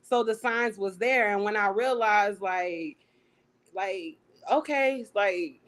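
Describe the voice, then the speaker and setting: A young adult woman telling a personal story as an interview guest, animated and acting out what she said back then. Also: mid-range voice, measured pace. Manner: animated, acts out her own past lines.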